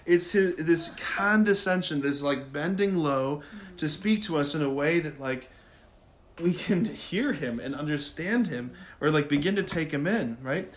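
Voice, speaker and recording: A man giving an informal Catholic talk, animated and conversational, often laughing and asking "right?". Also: a little high, a little slow, slight background noise. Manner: laughs easily while talking. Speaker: Catholic speaker. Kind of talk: casual faith talk.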